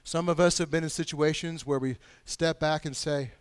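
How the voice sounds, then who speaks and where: Man, pastor, sermon, pleading, hushed to loud, higher voice, dry close sound. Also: fairly even intonation, normal speed, few pauses, smooth, dry recording.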